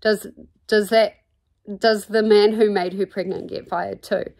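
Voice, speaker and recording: A woman with a New Zealand accent reading the lines of a strong-willed young woman scientist, calm and defiant. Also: mid-range voice, unhurried, lightly acted.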